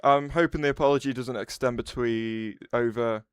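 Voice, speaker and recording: A man's voice: mid-range voice, steady tone, normal speed, clean tone, no room sound. A man hosting a casual livestream, rambling, restarting his sentences and answering chat messages aloud.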